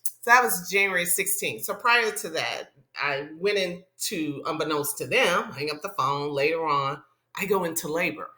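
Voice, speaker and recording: A woman's voice: sits low, expressive, moderate pace, pushed and bright, echoey room. A middle-aged woman, a radio personality, telling a personal story in a casual interview and acting out the people she quotes.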